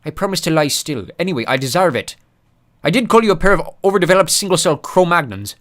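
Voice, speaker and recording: A scheming dwarf thief with a loud, high-pitched voice, as a male narrator puts him on. He talks with sly mock-innocence and a bouncy, lively lilt. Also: quick pace.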